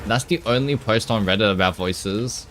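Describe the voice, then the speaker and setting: Low-voiced man chatting on a live stream. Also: moderate pace, noisy background. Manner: chatty, answers chat with laughs and restarts. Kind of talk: casual live-stream chat.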